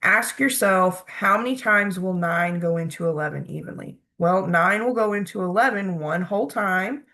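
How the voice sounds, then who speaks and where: A woman's voice: fairly low pitch, normal speed, hardly any pauses, pushed and bright. A woman math instructor patiently talking through problems step by step, checking in with "okay?" as she goes. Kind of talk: recorded math lecture.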